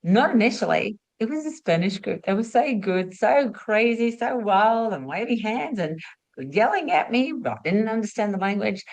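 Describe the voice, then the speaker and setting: A middle-aged woman speaks in a storytelling teaching talk with a mid-range voice. She poses rhetorical questions to her listeners and swings between lively, raised bursts and quiet, hushed passages. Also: mid-range voice, normal speed. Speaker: spiritual teacher and former nurse.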